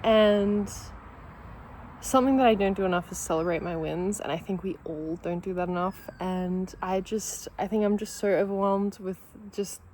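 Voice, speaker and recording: A woman talks casually to her camera while eating breakfast at home. She is candid and swears freely, and she gets overwhelmed with happy emotion and laughs close to tears. Her voice sits at a medium pitch over a faint noise floor. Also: normal speed, darkish tone, rough recording. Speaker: vlogger. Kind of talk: casual vlog chat.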